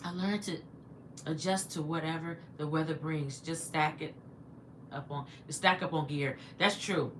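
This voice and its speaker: Speaking at a normal speed in a low-pitched voice, a woman runs a casual home livestream where she reads comments aloud and chats with viewers. She is animated and talkative, replying to her audience and her pet, with background noise audible.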